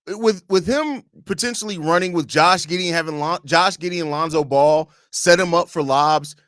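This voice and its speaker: Fairly bright and on the high side, this man's voice comes through clean studio sound with no echo. He hosts a basketball fan podcast as a casual home live stream, rambling through strong opinions and frequently restarting what he's saying.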